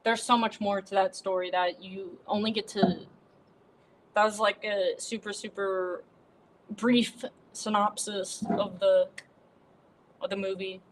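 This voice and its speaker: A woman's voice: medium pitch, little pitch movement, unhurried, slight background noise, poor audio. A woman hosting a livestream, chatting casually and irreverently in a rambling way full of fillers. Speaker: livestream host.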